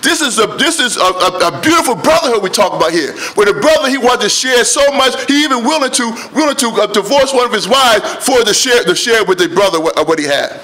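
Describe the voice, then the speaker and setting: Man, imam, African American English accent, high voice, bright tone, convention sermon, repetitive emphatic preaching. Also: animated, brisk, few pauses. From United States. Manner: preaching with rising emphasis and repeated phrases.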